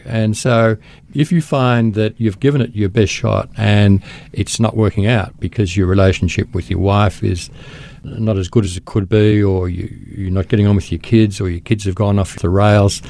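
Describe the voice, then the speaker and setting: Man, lowish pitch, mellow, slightly gravelly, earnest, soft music in the background. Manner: earnest, thoughtful. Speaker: guest, ministry founder. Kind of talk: reflective radio conversation.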